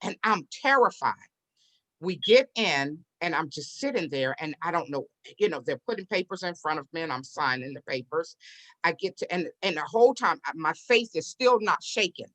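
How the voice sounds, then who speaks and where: A woman's voice: sits low, normal speed. A woman telling a personal story as an interview guest, acting out the voices of the people in it. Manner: animated storyteller who acts out quoted voices. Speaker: real estate investor and business owner, interview guest.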